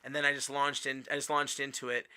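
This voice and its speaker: A man's voice: medium pitch, little pitch movement, quick pace, sharp tone, clean tone. A man from Wisconsin, a stand-up comedian, telling stories in casual chat, rambling with many fillers and restarts and acting out what people said. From Wisconsin, USA.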